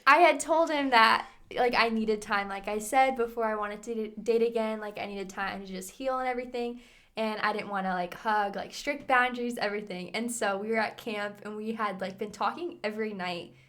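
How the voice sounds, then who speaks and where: A young woman co-hosting a podcast, telling a story in a casual, animated way, giggling and acting out the dialogue. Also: mid-range voice, normal speed. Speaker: podcast co-host.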